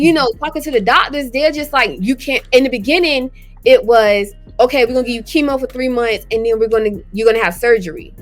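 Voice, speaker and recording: In an interview, a cancer survivor speaks earnestly and openly about her experience, often slipping into quoted thoughts from back then. Her voice is high with a fairly bright tone.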